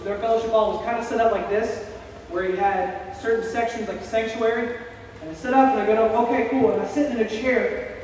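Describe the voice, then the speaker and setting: A young man telling an animated story as a sermon in a church hall, acting out sounds, recorded by a camera across the room. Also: extremely high pitch, slight background noise. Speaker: preacher. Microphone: self-recorded camera from across the room. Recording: echoey church hall from far off.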